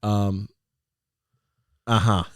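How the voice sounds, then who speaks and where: Man telling a lively story. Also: lowish voice, extremely slow, clean tone, no echo, studio quality. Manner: animated storytelling, laughs often, restarts. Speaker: podcast co-host. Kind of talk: casual chat.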